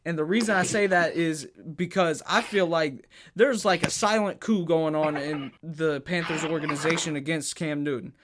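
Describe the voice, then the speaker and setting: A man's voice: a little high, moderate pace, hardly any pauses, noisy background. A man hosting a sports podcast, arguing heatedly, stammering and restarting, pressing home his points with rhetorical questions. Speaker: podcast host.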